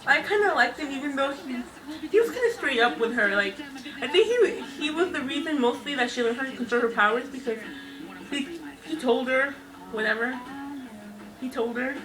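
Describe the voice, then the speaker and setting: A young woman casually reviewing a book, gushing and excitable, with lots of fillers and restarts. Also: high-pitched, moderate pace, distant mic, rough recording. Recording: voice off-mic with music behind.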